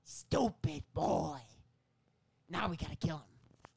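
A man putting on the voice of a scornful, menacing older male sorcerer, delivered loudly with a mocking, drawn-out sneer. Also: on the high side, animated, vocal fry, husky, voice pushed up, exaggerated voice.

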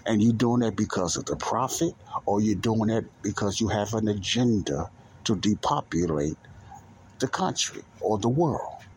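A man's voice: lowish voice, animated, normal speed, a little mellow, slight background noise. A man, hosting a solo show and delivering an angry, preachy monologue that repeats its points and rises to emphatic outbursts. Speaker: podcast host.

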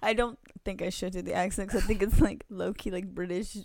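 A woman's voice: medium pitch, fairly even intonation, fairly quick, gravelly, over a noisy crowd. A woman co-hosting a podcast in a bedroom, chatting casually in a teasing, playful way. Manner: teasing and playful, laughs often. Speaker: podcast co-host. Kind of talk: casual chat. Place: small bedroom.

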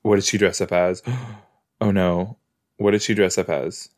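A man's voice: deep voice, steady tone, moderate pace. A man hosting a podcast, chatting playfully as he reacts to a show he is watching. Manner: chatty, playful, talks to the screen. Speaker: podcast host. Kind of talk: casual watch-along reaction.

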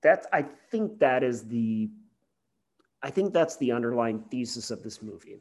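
A man co-hosting a podcast, a lawyer talking casually through a film, animated and sweary with long winding explanations. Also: medium pitch, normal speed. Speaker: podcast co-host.

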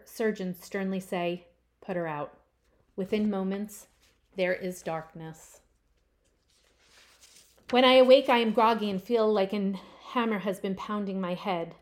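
Woman reading her own story expressively. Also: mid-range voice. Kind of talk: first-person story reading.

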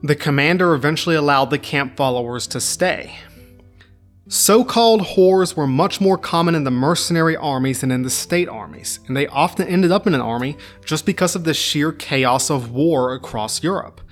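A man's voice: fairly high pitch, expressive, moderate pace, faint music behind. A man hosting a history podcast, narrating from a script with irreverent, wry asides.

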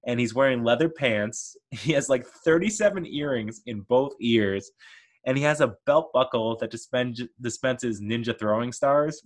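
A man's voice: medium pitch, moderate pace. A man hosting a podcast, giving an enthusiastic, casual film rant with frequent laughter and playful mock voices. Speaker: podcast host reviewing a film.

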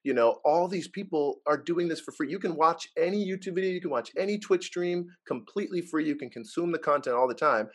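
A young man in casual chat, telling animated stories and acting out what people said, laughing often. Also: on the high side, fairly quick, few pauses. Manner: animated storyteller, acts out quotes, laughs often.

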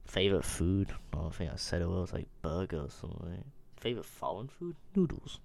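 Young guy, low and gravelly, casual self-Q&A vlog, offhand mumbled answers. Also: sing-song, fairly quick, darkish tone. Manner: reads questions aloud and answers himself, offhand and mumbling. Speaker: vlogger.

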